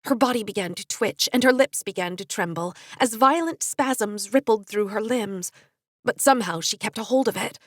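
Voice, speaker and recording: A woman narrating an audiobook in an expressive, lively reading. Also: mid-range voice, moderate pace, no room sound, studio quality. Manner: expressive, lively character voicing. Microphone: studio USB microphone.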